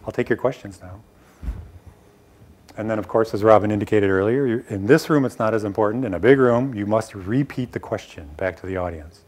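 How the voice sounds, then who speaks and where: A man's voice: lowish voice, fast, hardly any pauses, a little mellow. A middle-aged man giving a live workshop talk on presenting science to a small room, direct and emphatic with casual asides. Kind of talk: live lecture to a small audience.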